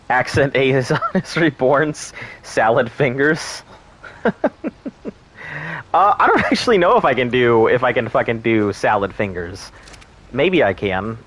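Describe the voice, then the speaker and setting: A man's voice: medium pitch, fairly bright tone. Rambling, crude-joking male streamer. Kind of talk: casual gameplay commentary.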